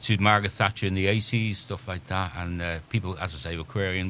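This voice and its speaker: A man's voice: sits low, level tone, a little fast, pushed and bright, a little hiss or hum. A man on a radio panel, talking hesitantly with many ums. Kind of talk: casual studio chat.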